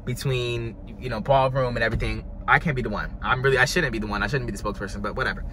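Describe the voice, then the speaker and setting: A man talking in a dramatic, gushing reaction vlog, his voice hoarse from screaming. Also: mid-range voice, steady tone, racing, noisy background. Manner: dramatic, gushing, over-the-top. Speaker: music reviewer.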